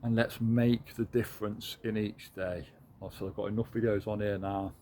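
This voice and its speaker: A man's voice: fairly low pitch, level tone, normal speed, warm tone, a little hiss or hum. A British man giving a candid, earnest and encouraging motivational talk to his viewers. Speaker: motivational vlogger.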